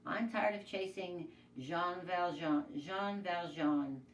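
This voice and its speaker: A cheerful touring-actor father with a dry wit, as a woman reads his lines. The voice is low. The room is echoey, and the reader sits back from the mic with faint noise behind. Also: slow pace, far from the mic. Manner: hearty, dry.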